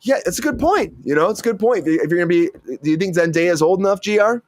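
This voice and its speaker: A man's voice: high voice, expressive, racing, dry recording. Stammering chatty male show host. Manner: rambling, stammering with many restarts. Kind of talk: casual entertainment news chat.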